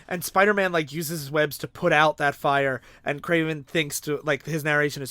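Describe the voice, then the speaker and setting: A man with a fairly high voice jumps in to stress plot points about a comic story. His voice sounds close and dry, with no room around it. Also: fairly even intonation, a little fast, hardly any pauses, pushed and bright, no room sound. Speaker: podcast co-host. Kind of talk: casual comic book discussion.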